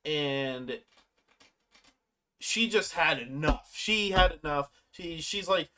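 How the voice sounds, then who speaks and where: Casual movie recapper, rambling and profane, mid-pitched voice, slips into animated quotes. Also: takes it slowly, long pauses. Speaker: movie reviewer.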